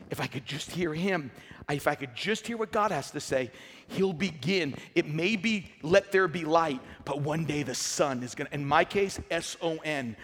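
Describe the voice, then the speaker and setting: Middle-aged male pastor, emphatic storytelling sermon, slightly high voice, big hall reverb. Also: fairly bright tone, husky. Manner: emphatic, repetitive, storytelling preacher.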